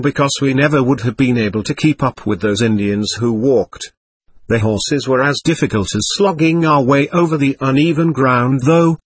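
Husky male storyteller, dry sound. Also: medium pitch, dry recording. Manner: steady storytelling read. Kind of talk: first-person adventure memoir narration.

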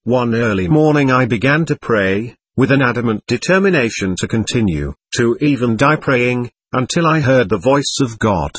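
A man narrating an audiobook memoir in an earnest, measured reading on a close microphone. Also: medium pitch, breathy edge, no echo.

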